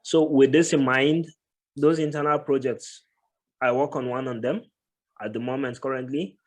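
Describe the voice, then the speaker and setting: Man answering with frequent filler pauses. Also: mid-range voice, steady tone. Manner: thoughtful, many filler pauses. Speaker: guest, tech professional. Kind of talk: casual interview answers.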